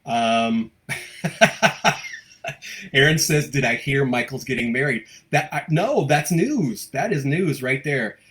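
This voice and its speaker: A man with an American accent hosts a live stream from home, greeting viewers and reading their comments out loud. He talks quickly and stays upbeat and gushing, and his voice sits at a middle pitch. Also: lively intonation. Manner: fast-talking, upbeat, gushing. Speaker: host of a local live show.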